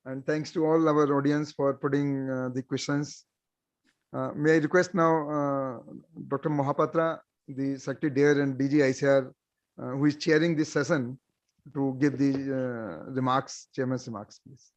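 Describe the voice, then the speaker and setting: A male moderator hosts formally, talking loudly and politely. He sounds set back from the microphone, and the recording is dull and lo-fi. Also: mid-range voice, fairly even intonation, normal speed. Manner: polite and loud. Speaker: event moderator. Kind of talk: formal hosting.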